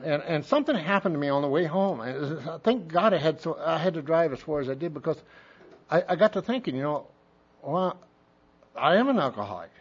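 A man with a fairly high voice tells a long story to a group, rambling in a folksy way and acting out what other people said. The recording sounds dull and lo-fi, with the top end muffled. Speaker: speaker sharing his recovery story.

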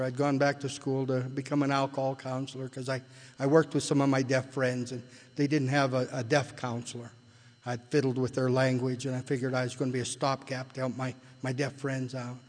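A man's voice: mid-range voice, level tone, a little fast. An older man speaking at a recovery meeting, telling his own story in a rambling, plainspoken way with many restarts and rising heat when he retells arguments. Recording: long hall reverb.

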